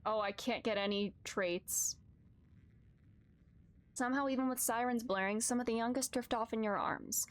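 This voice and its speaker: High-voiced woman streamer reading a story game. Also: normal speed, long pauses. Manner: expressive, shifts from calm reading to loud distressed outbursts. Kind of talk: reading a story game aloud with live reactions.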